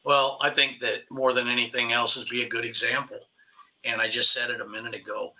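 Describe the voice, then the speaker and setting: A man's voice: mid-range voice, fairly quick, low-quality recording. A man in his sixties, a guest on a podcast, telling stories in a spirited, emphatic way. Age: 60s. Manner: animated storyteller, spirited and emphatic. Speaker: podcast guest, veteran angler. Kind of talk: casual storytelling interview.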